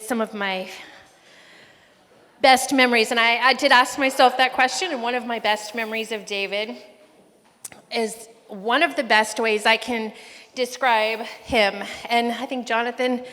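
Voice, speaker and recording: A woman's voice: on the high side, steady tone, moderate pace, a bit bright. A middle-aged woman, mother of the groom, giving an emotional, rambling wedding speech with a family story. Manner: emotional, rambling, fighting back tears. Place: wedding reception hall. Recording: long hall reverb.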